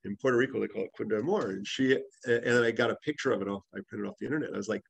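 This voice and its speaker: A man's voice: on the low side, rapid-fire, vocal fry, husky. A man teaching a live class on herbs, talking casually with stories, fillers and restarts. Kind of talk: live class lecture with anecdotes.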